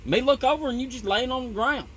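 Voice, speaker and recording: A man's voice: extremely high pitch, fast talker, a bit bright, slight background noise, pitched above the performer's own voice. A man voicing a very tall, lanky coworker with a speech impediment who uses simple, childlike grammar. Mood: puzzled.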